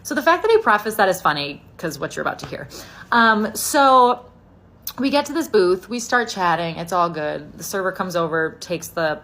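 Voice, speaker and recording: A woman's voice: fairly low pitch, very animated, normal speed, fairly bright tone. A woman telling a dating story in a casual, wry storytime style, full of "like" and quoted asides. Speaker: TikTok storyteller.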